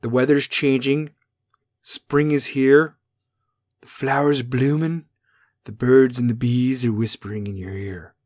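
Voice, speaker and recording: A man hosting a talk show, ranting in a brash, profane, comedic way and now and then dropping into mocking high voices. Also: steady tone, measured pace, darkish tone, no echo, studio quality. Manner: brash, swearing, swings into mocking falsetto bits. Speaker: podcast host.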